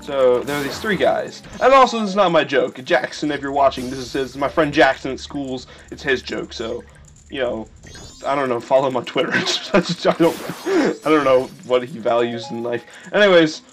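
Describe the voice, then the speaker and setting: A young man hosting a game playthrough, rambling and joking with sudden excited yelps. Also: medium pitch, moderate pace. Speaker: let's play host. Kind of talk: casual gameplay commentary. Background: faint video game music.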